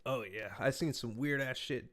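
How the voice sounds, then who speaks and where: A man's voice: mid-range voice, normal speed, a bit bright. A man chatting casually on a podcast, telling laid-back stories and swearing freely. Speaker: podcast host. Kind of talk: casual chat.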